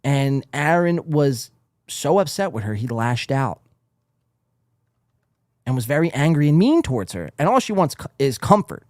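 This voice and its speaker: A man's voice: medium pitch, very animated, moderate pace, dry recording, clean studio sound. A man hosting a podcast, giving crude, sarcastic commentary on a clip he is watching. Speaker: podcast host reacting to a clip.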